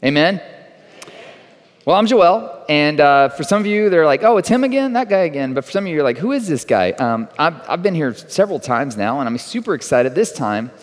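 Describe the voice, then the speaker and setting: A man's voice: a little high, animated, moderate pace. A man from Texas preaching as a guest pastor, conversational and joking, telling stories from the pulpit. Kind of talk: sermon with humorous storytelling. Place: church sanctuary. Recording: reverberant church hall.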